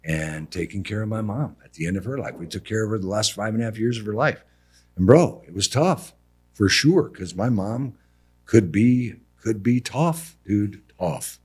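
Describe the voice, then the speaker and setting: A middle-aged American man telling family stories as a podcast guest in a casual, animated way. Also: normal speed, breathy edge. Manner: animated, mimics his mother in a high voice. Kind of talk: casual storytelling.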